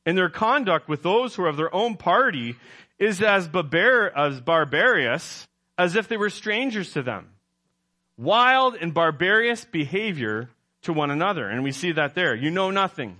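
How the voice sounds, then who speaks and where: A man's voice: sits high, bright, forceful tone. A man preaching a sermon as pastor, emphatic, quizzing his congregation and correcting himself as he goes.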